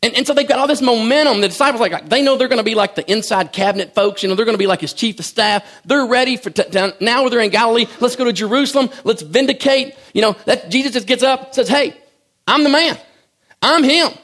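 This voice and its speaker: A middle-aged pastor preaching a sermon in a conversational, folksy way, swinging from loud bursts to hushed asides. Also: male voice, very high voice, fast talker, few pauses. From rural farm background.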